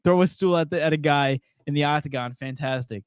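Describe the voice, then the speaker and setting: A young man co-hosts a casual sports podcast with a slightly high voice. He laughs often while reading viewer comments aloud. The sound is close and dry. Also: a little fast, clear, resonant tone, no echo. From Portuguese family. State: frog in his throat. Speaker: podcast co-host.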